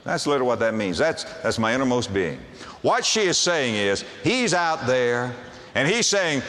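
A male pastor delivering a sermon, his voice swinging widely up and down in pitch as he poses rhetorical questions. The sound carries the long reverb of a large hall. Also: sing-song, normal speed, a bit bright.

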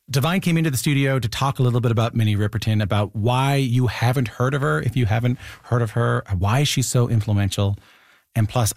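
A man hosting a radio interview, introducing his guest and playfully trying high notes. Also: a little mellow, dry recording, studio quality. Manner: playful, tries falsetto to demonstrate. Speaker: radio host. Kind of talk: casual interview.

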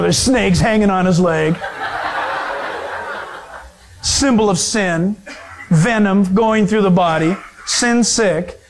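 A man preaching a sermon, telling stories in an animated way, laughing often and restarting his sentences. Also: sits high, slow pace, pauses often, slight background noise, rough recording.

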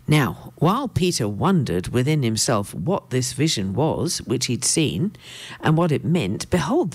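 A woman preacher with a low voice reads scripture and comments in a lively, swinging tone. She speaks with emphatic asides, recorded close and dry. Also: dry recording. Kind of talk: sermon with Bible reading.

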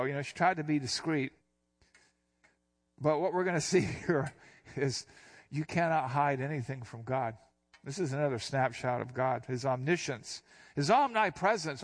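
Older man teaching scripture conversationally. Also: a little high. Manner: relaxed and explanatory, reads scripture then unpacks it. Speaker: pastor.

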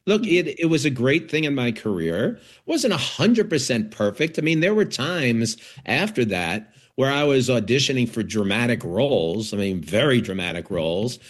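Lively-voiced man chatting with many restarts. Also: medium pitch, moderate pace, few pauses. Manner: chatty, laughing, frequent fillers and restarts. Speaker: guest actor. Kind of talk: casual interview conversation.

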